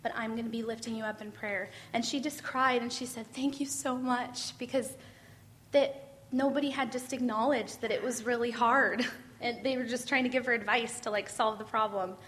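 A woman's voice: on the high side, fairly even intonation, moderate pace, fairly bright tone. A woman sharing a personal story with a church group in an earnest, heartfelt way. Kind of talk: casual testimony in a church group discussion.

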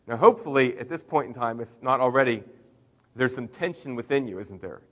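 Brief: middle-aged male pastor, mid-pitched, conversational sermon delivery with emphatic swells. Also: a little fast, in a large hall. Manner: conversational preaching with swings in loudness and emphasis.

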